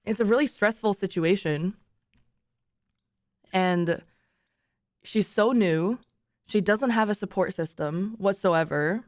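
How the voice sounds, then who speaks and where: Taking it slowly with long pauses, a young woman speaks in a mid-range voice to her stream viewers, rambling, restarting, and swinging between crying and laughing. The studio-quality audio has no room sound, captured in an acoustically paneled space.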